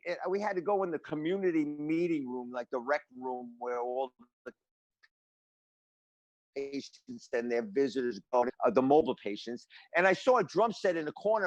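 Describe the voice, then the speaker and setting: An older man, a guest drummer telling stories in a casual interview, animated and rambling with many restarts. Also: a little high, no echo.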